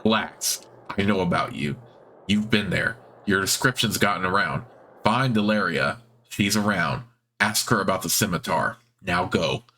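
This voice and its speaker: A man voicing a sly male informant who feigns drunkenness in a role-playing game, speaking low and hushed. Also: normal speed, a little hiss or hum, lightly acted.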